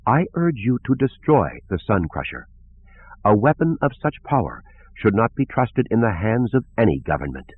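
A man's voice: lowish voice, very animated, moderate pace, slightly rough, no room sound, pitched above the performer's own voice. A man voicing an earnest woman scientist who speaks in a melodious, pleading way. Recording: tinny phone-like lo-fi audio.

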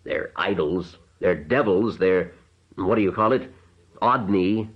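A man's voice: sits low, slow, husky, muffled recording, full character voice. A man voicing a timid old village priest who speaks hesitantly. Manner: hesitant, tentative speech.

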